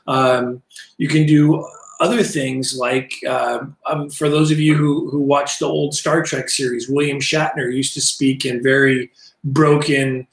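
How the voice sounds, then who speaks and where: A man in his fifties gives a casual lesson on Bible language, wandering into asides and mocking himself along the way. His voice sits a little high for a man. The recording carries a roomy echo. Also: fairly even intonation. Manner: digressive, halting, self-deprecating.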